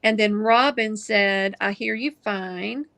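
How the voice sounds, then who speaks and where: A woman's voice: mid-range voice, takes it slowly, creaky, fairly bright tone, no echo. A woman guest on a livestream talking through her phone in an easygoing, casual way and reading viewer comments aloud. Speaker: guest crafter.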